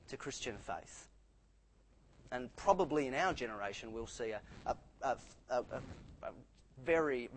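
Animated preacher mid-sermon. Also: male voice, mid-range voice, slightly rough, poor audio. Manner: earnest, emphatic, repeats words when stressing a point. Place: church.

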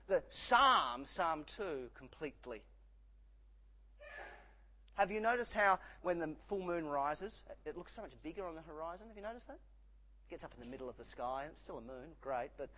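A male preacher delivering a sermon with a fairly high voice that swings widely up and down. He presses his points with emphatic repetition and drops to a hush for weight. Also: rough recording. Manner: emphatic, rising and falling for effect.

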